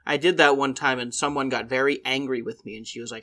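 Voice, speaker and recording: A man's voice: medium pitch, fairly even intonation, quick pace, sharp tone. A young man co-hosting a podcast, joking in laid-back casual chat. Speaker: podcast co-host.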